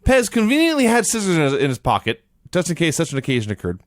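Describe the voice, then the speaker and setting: Man co-host, storytelling, lively intonation, dry close sound. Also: fairly high pitch, fast, dry recording. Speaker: podcast co-host. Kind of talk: casual chat retelling a match.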